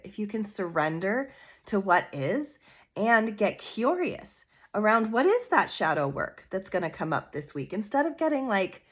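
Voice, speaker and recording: A woman hosting her own astrology podcast, talking in an earnest, coaching way with casual asides and rhetorical questions. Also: medium pitch. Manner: casual with fillers like "vibe" and "you know". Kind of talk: solo podcast monologue.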